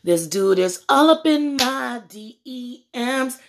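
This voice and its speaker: A woman's voice: on the high side, expressive, slow pace, vocal fry, a little hiss or hum. A woman vlogger chatting playfully to her viewers on a live stream from a phone at home. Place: at home indoors. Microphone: phone propped up on a table.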